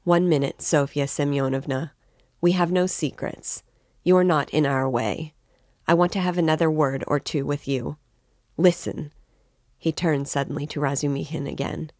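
A woman's voice: sits low, fairly even intonation, normal speed, a little mellow, no room sound, clean studio sound. A woman reading the part of a troubled, insistent young man in a novel. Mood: urgent.

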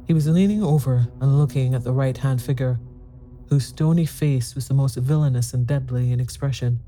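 Storyteller: man, very dark warm tone, tense first-person ghost story reading. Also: mid-range voice, moderate pace, faint music behind.

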